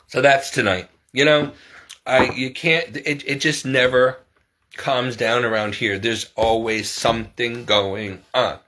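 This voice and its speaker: A man's voice: mid-range voice, steady tone, slow pace, bright, forceful tone, a little hiss or hum. A middle-aged man telling a story in a casual vlog, rambling and exasperated, repeating himself as he goes. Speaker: vlogger.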